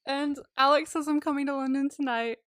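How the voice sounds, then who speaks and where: Recapping a movie on a podcast she co-hosts, this woman chats animatedly, laughs a lot, performs the lines and swears without restraint. She speaks fairly quickly in a high-pitched voice, recorded in studio quality with no echo.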